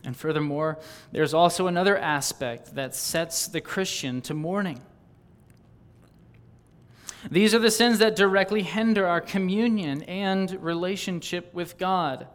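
A man's voice: high-pitched, normal speed. A man preaching a sermon, reading old diary passages aloud and building fervent, rhythmic lists. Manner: fervent, rising on exclamations and lists.

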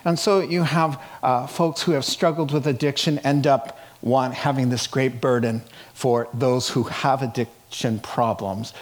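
Preaching in a mid-range voice, this middle-aged pastor keeps his sermon emphatic and conversational, throwing rhetorical questions out to the congregation.

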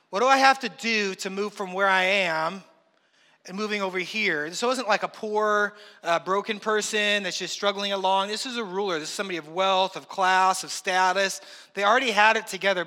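A pastor with a high, pushed, bright voice reads scripture and then talks it through conversationally, acting out everyday voices. A long hall reverb colors the sermon.

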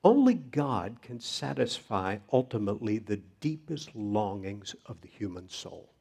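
Low gravelly male preacher. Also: sing-song, darkish tone. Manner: measured preaching, reading scripture aloud. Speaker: pastor. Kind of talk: sermon.

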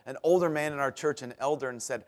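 A middle-aged man preaching a sermon as pastor, telling stories in a chatty way with self-deprecating humor that grows animated at the punchlines. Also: fast talker. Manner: animated, rises in pitch and volume at punchlines.

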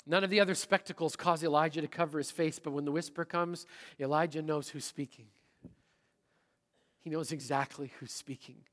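A middle-aged man preaching a sermon as pastor, swinging between loud emphasis and a near-whisper. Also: a little high, fairly even intonation, moderate pace. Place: church sanctuary. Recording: long hall reverb.

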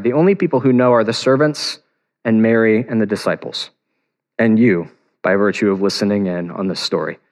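A man delivers a sermon in a relaxed, conversational tone, his voice sitting in an ordinary middle register. He speaks earnestly and leans into key phrases by slowing right down. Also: mid-range voice. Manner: conversational, earnest, slows for emphasis. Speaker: pastor.

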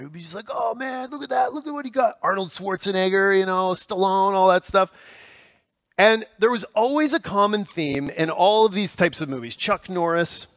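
A young male pastor delivers his sermon in a loose, conversational way, stumbling and restarting often. His voice sits a little high for a man. The sound is close and dry, with no room echo. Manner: casual, hesitant with many fillers and restarts; hushed, soft prayer.

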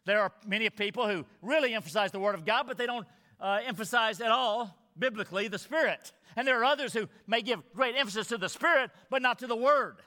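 A man's voice: high-pitched, quick pace, sharp tone, big-room sound. A male pastor preaching a sermon, emphatic, repeating parallel phrases for stress.

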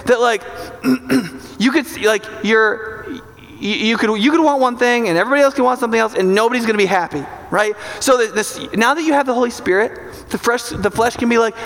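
A man preaching a sermon in an animated, joking way, now and then acting out inner voices. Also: very high-pitched, fairly quick, gravelly. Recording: large hall with long reverb.

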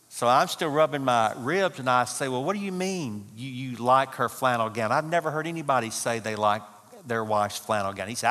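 A man's voice: on the high side, animated, fairly quick, a bit bright. A man giving a humorous, folksy sermon talk at a marriage conference. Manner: folksy storytelling with Southern phrasing. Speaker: conference speaker. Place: church conference hall. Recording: hall reverb.

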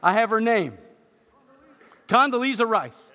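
A man preaching a sermon in a church, telling humorous stories and building to loud emphatic moments. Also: high voice, sing-song, moderate pace. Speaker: pastor. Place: church sanctuary. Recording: long hall reverb.

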